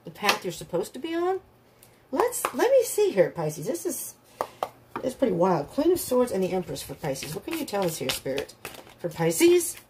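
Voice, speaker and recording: A woman's voice: mid-range voice, wildly swooping pitch, moderate pace, noisy background. A woman giving a casual tarot reading, talking bluntly and animatedly, often laughing and acting out the people she describes. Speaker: tarot reader.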